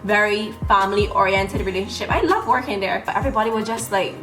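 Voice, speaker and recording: A woman in her twenties telling a story casually in an animated, chatty vlog, doing makeup as she talks. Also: mid-range voice. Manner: applying makeup while talking. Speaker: beauty vlogger. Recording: roomy room with background music.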